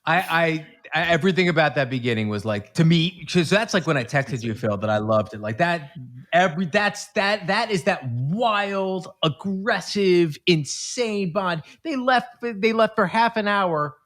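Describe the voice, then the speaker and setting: A man's voice: sits high, expressive, a little slow, fairly bright tone. A man co-hosting a casual film podcast, talking with enthusiasm and frequent restarts. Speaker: podcast co-host.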